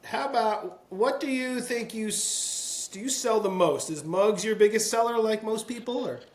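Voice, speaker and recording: A man's voice: high voice, moderate pace, roomy sound. A man hosting a casual chat, laughing often while he tells stories. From Long Island, New York. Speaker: podcast host.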